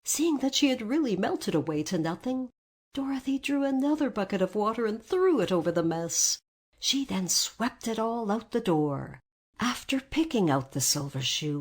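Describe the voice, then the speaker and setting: A woman narrating a storybook aloud in an expressive read-aloud manner. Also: mid-range voice, husky.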